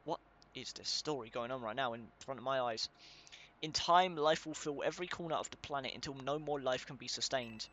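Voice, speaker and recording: A man's voice: mid-range voice, brisk, a bit bright, highs cut off. A young man giving casual commentary while reading game text aloud, swearing now and then and stumbling over hard names. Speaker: let's play gamer.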